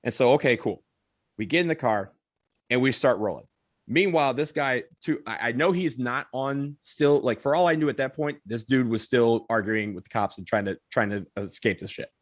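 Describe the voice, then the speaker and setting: A man co-hosting a podcast, telling a story in an animated, casual way and swearing now and then. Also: medium pitch, moderate pace, no echo, studio quality. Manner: animated, swears, acts out others' lines. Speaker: podcast co-host.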